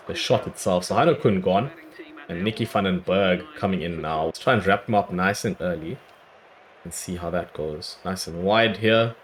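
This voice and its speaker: A man with a hoarse, worn-out voice giving chatty play-by-play commentary on his own cricket video game, breaking into excited cries at big moments. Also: on the low side, background noise. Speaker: gaming YouTuber. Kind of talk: casual play-by-play gameplay commentary.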